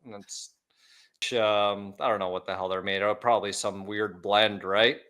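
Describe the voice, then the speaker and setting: Male shop owner on a podcast: relaxed, rambling chat, some cursing. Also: fairly low pitch, normal speed, clean tone. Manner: rambling, laid-back, swears. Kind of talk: casual chat.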